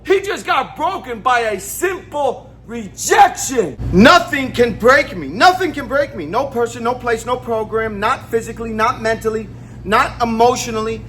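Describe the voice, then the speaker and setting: A man giving a motivational monologue in an emphatic, profane way, often breaking into shouts. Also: extremely high pitch, animated, moderate pace, a little hiss or hum. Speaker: motivational speaker.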